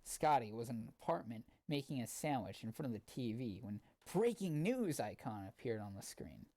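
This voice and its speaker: A man's voice: medium pitch, very animated, moderate pace, dark tone. A man reading fan fiction aloud with sardonic asides, often stumbling over the text. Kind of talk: comedic dramatic reading with asides.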